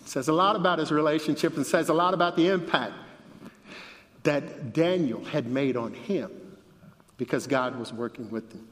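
A man preaching a sermon and reading scripture aloud with dramatic emphasis, his voice rising at the high points. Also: normal speed, fairly bright tone, in a large hall.

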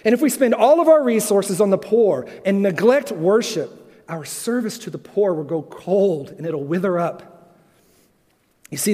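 A man preaching a sermon earnestly, asking the congregation rhetorical questions and pausing for effect. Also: sits high, a little mellow. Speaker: pastor. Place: large auditorium. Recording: long hall reverb.

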